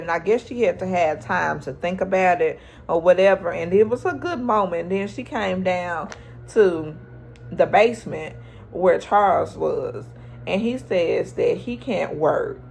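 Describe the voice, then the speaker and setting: Woman, unhurried chatty TV recap, slangy storytelling, gravelly edge. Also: lowish voice, lively intonation, a little mellow, soft background music. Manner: chatty storytelling with slang, acting out the characters' lines. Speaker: TV episode recapper. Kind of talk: casual TV recap.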